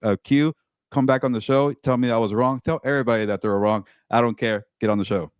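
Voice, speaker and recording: A man co-hosting a casual sports talk show, excitable and quick, often repeating words as he goes. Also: medium pitch, clean tone, dry recording, clean studio sound. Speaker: co-host and team reporter.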